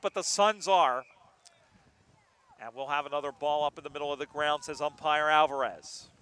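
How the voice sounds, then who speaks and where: A man calling an amateur football game live, joking between plays and getting excited on big moments. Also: on the high side, normal speed, smooth. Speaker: play-by-play commentator. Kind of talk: live sports commentary.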